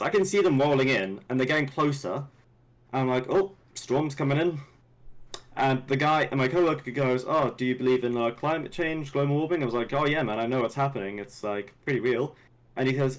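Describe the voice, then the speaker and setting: A man's voice: mid-range voice, fairly quick, rough recording. A man, co-hosting a podcast and telling a rambling story with lots of restarts. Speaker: podcast co-host. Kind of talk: casual storytelling.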